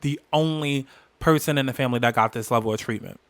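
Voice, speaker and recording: A man's voice: mid-range voice, fast. A man hosting a podcast, telling a personal story in an emphatic, candid way. He repeats phrases for weight and swears freely. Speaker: podcast host.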